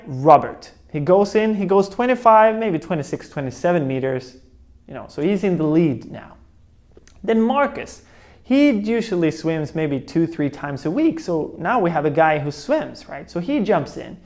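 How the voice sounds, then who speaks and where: A man's voice: a little high, darkish tone. A young man telling a personal story in a motivational talk, acting out voices and sounds as he goes. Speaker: motivational speaker.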